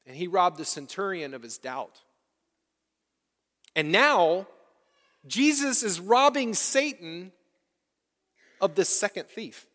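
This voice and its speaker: Here the preacher has a high, fairly bright voice with lively intonation, moving at a slow pace and pausing often. He repeats himself and questions his congregation rhetorically in a church sanctuary, with the long reverb of a church hall.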